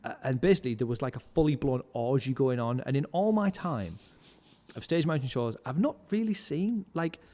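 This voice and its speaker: A man in his thirties chats as a podcast guest, spinning loose backstage anecdotes and leaning constantly on fillers. His voice sits at an ordinary middle pitch. The room around him is reverberant, with a long echo trailing each phrase. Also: lively intonation, a little fast, dark tone. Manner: rambling storyteller, heavy use of "like". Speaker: podcast guest, live music stage manager. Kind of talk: casual anecdotal chat. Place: indoors, podcast recording.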